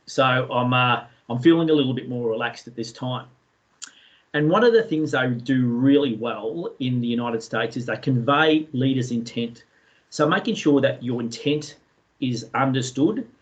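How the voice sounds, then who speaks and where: An Australian man telling a story in a relaxed way, with many fillers, as a guest speaker in an online session. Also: medium pitch, dull audio. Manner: chatty, anecdotal, many fillers.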